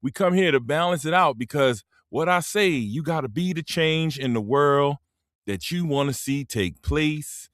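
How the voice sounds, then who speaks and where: A man hosting a casual live stream, talking in a laid-back, rambling way into a simple microphone, often clearing his throat. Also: fairly high pitch, expressive, a little slow, a bit bright, no room sound, studio quality.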